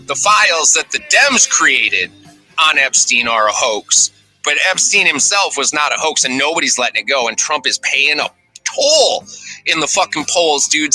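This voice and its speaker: A man with a bright, sharp and somewhat high voice delivers a heated, profane rant. He swears constantly and slips into mocking quoted voices. Soft music plays behind him. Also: rough recording. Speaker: commentator in a played clip.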